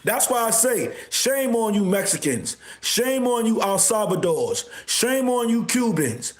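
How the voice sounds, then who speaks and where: High-voiced man ranting on a livestream. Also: big pitch swings, a little slow. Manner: repetitive, confrontational, bursts of shouting. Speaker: livestream host. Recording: echoey room.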